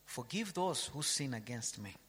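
Animated male preacher in a reverberant hall. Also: mid-range voice, normal speed, a little hiss or hum. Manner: animated, rhetorical questions, reads scripture aloud. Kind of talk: sermon.

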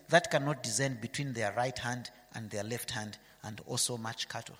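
A man's voice: mid-range voice, normal speed, few pauses, fairly bright tone, breathy edge, in a large hall. A man preaching a sermon, reading scripture aloud and asking his listeners rhetorical questions.

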